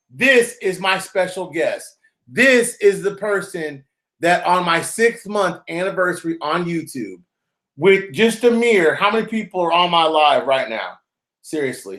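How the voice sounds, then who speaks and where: Animated slangy man, higher voice. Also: roomy sound. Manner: animated, slangy, addresses viewers directly. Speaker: host of a live-streamed channel. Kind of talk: casual live-stream chat.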